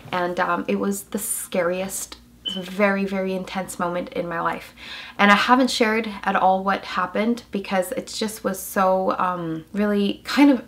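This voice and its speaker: A young woman vlogging as a mother, telling a personal story in an emotional, halting way with many fillers. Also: mid-range voice. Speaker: mom vlogger.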